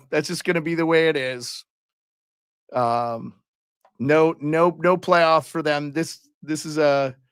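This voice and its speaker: A man's voice: a little high, fairly bright tone, no room sound, studio quality. A man hosting a casual live hockey stream, chatting loosely and calling out viewers and their locations. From Canada.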